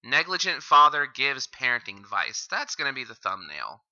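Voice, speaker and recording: A man's voice: mid-range voice, very animated, normal speed, background noise. A man hosting a reaction commentary, heckling and insulting the video with constant swearing. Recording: dull lo-fi mic.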